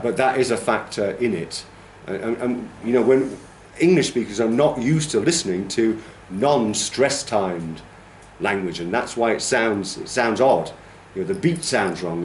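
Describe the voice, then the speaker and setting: A man's voice: on the low side, roomy sound, slight background noise. A male teacher trainer giving a classroom lecture, explaining patiently and checking in with "okay?". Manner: demonstrates rhythms by humming and counting.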